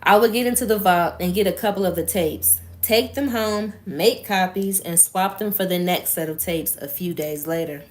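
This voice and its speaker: A woman's voice: on the low side, moderate pace, few pauses. A woman reading a book aloud on a live stream, breaking off for blunt, profane, emphatic asides.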